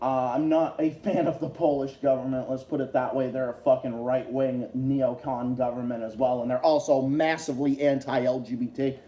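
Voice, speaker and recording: A man's voice: medium pitch, fairly even intonation, moderate pace, few pauses, mellow, reverberant. A man hosting a livestream, ranting heatedly about politics with lots of profanity and repetition. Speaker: livestream host.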